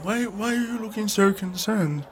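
A man's voice: sits high, normal speed, a crowd in the background. A man voicing a burly male adventurer in a tabletop game, firm and questioning. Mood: pressing.

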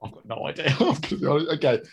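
A man's voice: a little high, sing-song, rapid-fire, slightly rough. Chatty self-deprecating male co-host. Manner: chatty, hesitant, laughs often, self-deprecating. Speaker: podcast co-host. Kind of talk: casual podcast chat.

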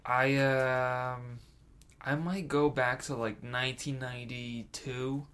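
A man's voice: mid-range voice, fairly even intonation, slow pace, fairly bright tone, smooth. A man co-hosting a casual podcast, joking around in slangy speech. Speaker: podcast co-host. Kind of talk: casual chat.

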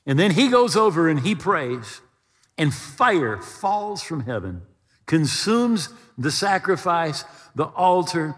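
A man preaching a sermon, retelling a story in an animated way and acting out the voices. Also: on the high side, slow, big-room sound, faint music behind. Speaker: pastor.

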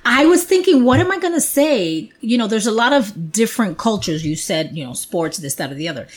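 A woman co-hosting a casual talk show, an expressive storyteller who talks in an animated way. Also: medium pitch, fairly quick. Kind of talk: casual conversation.

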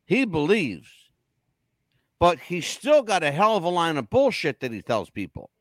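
A man's voice: a little high, huge pitch swings, moderate pace, dry recording. A man hosting a casual chat, blunt, profane and opinionated. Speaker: podcast host.

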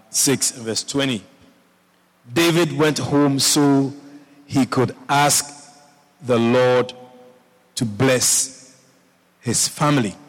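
Male preacher, mid-pitched, unhurried delivery, repeats lines and asks the room if they follow, heard with a lingering hall echo. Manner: repeats phrases, checks in with the congregation. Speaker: pastor. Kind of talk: sermon. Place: church.

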